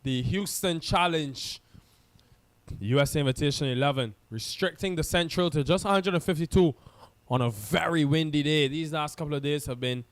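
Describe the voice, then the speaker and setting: Male cricket commentator, slightly high, smooth and clear, chatty play-by-play. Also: normal speed. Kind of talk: live sports commentary.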